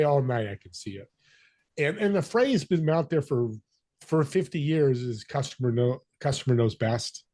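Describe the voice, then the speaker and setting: A man's voice: mid-range voice, a little mellow. An older man, a podcast guest, telling stories energetically and acting out quoted voices in conversation. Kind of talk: conversational interview.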